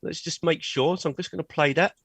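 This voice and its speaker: A man leading a live online teaching workshop and demonstrating software on a video call, checking in with "okay?" as he goes. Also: a little high, brisk, husky, no room sound. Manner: energetic, frequent "okay?" check-ins. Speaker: teacher trainer. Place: at a computer sharing his screen.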